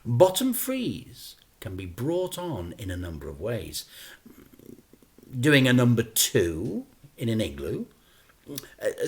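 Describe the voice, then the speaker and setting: A male teacher reading a children's story aloud in a playful, expressive way. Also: mid-range voice.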